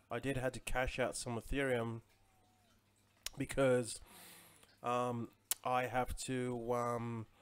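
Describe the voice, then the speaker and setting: A man's voice: mid-range voice, clear, resonant tone. A man in his forties chatting casually on a livestream, rambling with lots of fillers and greeting viewers by name. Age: 40s. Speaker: crypto livestream host. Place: home in Chiang Mai.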